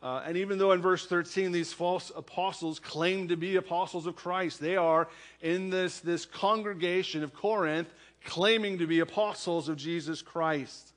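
Higher-voiced man preaching a sermon. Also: steady tone, normal speed. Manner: conversational, asks "right?" often. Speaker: pastor. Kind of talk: sermon with scripture reading and prayer.

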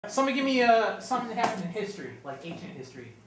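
A man's voice: high-pitched, very animated, rapid-fire, a loud crowd. Playful man rambling far from the mic. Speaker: improv performer. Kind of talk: improv storytelling. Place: stage with live audience. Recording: echoey room from far off.

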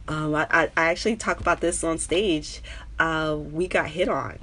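Woman, New York accent, comedian, casual live stream chat, gravelly, husky, animated, excited high jumps. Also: normal speed. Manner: animated, jumps to high squeals when excited, greets viewers by name. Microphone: webcam or phone on a live stream.

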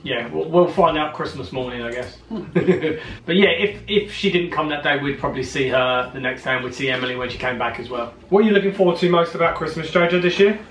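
Jokey high-voiced man. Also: quick pace, a bit bright, a little hiss or hum. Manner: jokey, laughs easily, wraps up the show. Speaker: family vlog host. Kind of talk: casual mukbang Q&A chat. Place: home room decorated for Christmas. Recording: roomy, mic at a distance.

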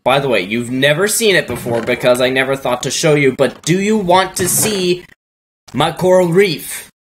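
A man's voice: medium pitch, animated, normal speed, a bit bright, a little hiss or hum, poor audio. A man hosting a let's play, chatting casually and thinking aloud as he builds. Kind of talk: casual gameplay chat.

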